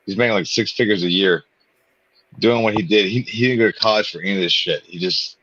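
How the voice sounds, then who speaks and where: A man with a fairly low voice, co-hosting a live watch-party stream. He talks in a laid-back, profane, self-mocking way. The audio is dry and dull, as from a cheap stream mic. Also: quick pace, a bit bright, dry recording. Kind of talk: casual chat.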